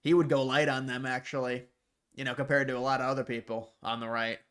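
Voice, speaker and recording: A man's voice: mid-range voice, flat delivery, fast talker, fairly bright tone, clean tone. A man hosting a livestream, reacting to chat in blunt, profane, sarcastic rants. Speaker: livestream host. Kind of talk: casual livestream commentary.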